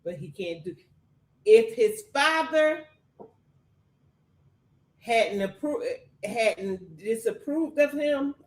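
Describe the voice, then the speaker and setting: A woman co-hosts a casual recap, speaking emphatically with a slightly high voice. The room around her is echoey. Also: expressive, slow, pauses often. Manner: chatty, emphatic commentary. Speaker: co-host.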